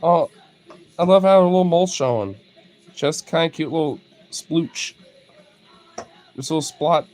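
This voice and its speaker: A video creator chats casually over footage of his dogs, his voice sitting on the high side with a measured pace and frequent pauses. He's excitable, slipping into cooing baby talk for the pets, breaking into bursts of laughter and swearing freely. Faint music plays in the background.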